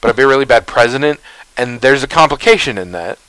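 Bright-voiced rambling podcast host. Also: male voice, mid-range voice, animated, fast, dry recording, low-quality recording. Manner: rambling, tangent-prone storyteller. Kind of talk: casual chat.

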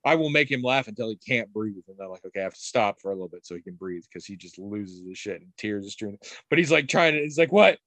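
A middle-aged man in casual conversation, telling rambling stories with frequent restarts and animated quoted voices. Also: on the low side, fast, hardly any pauses, no room sound. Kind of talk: casual chat.

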